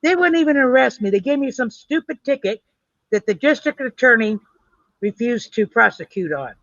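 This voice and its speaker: A woman's voice: fairly high pitch, lively intonation, moderate pace, fairly bright tone, dry recording. Blunt, tough-talking woman. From United States. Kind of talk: casual chat, personal storytelling. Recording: dull lo-fi dry recording.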